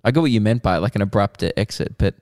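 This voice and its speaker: A man's voice: on the low side, quick pace, a little mellow, dry recording, clean studio sound. Teasing man on a podcast. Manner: teasing, offhand, guessing aloud. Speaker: comedian co-host. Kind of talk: casual podcast chat.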